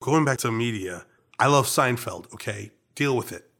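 A young man from Trinidad and Tobago with a Trinidadian accent, co-hosting a casual chat and telling stories in an animated, playful way. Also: medium pitch, normal speed, creaky. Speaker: podcast co-host.

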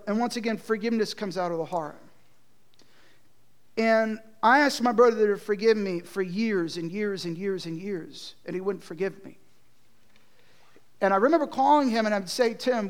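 A man with a high voice preaches a sermon. He tells a personal story with feeling, rising to loud passages and dropping to near-hushed ones. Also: moderate pace.

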